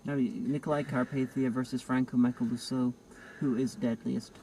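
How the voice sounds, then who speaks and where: A man's voice: mid-range voice, little pitch movement, normal speed, mellow, slight background noise, rough recording. A man hosting a casual film review chat, riffing in a rambling, sardonic way. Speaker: host film critic.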